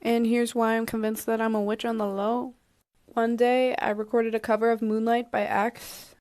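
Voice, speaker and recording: A young woman recounts stories in a deadpan, matter-of-fact tone. Her voice is recorded close, in a dry space with no reverb. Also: a little high, moderate pace. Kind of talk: storytelling video.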